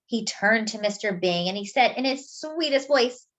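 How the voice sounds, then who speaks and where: A woman reading a children's picture book aloud in an expressive, animated way, with asides to her listeners. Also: a little high, moderate pace, few pauses. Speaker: storyteller. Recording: dull lo-fi sound.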